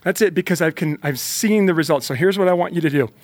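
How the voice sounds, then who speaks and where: A man speaks in an emphatic motivational monologue, repeating lines and pushing the listener to act. His voice sits a bit high. The sound is close and dry. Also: fast talker, no echo. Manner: emphatic, repetitive, fired-up; talks directly to the listener.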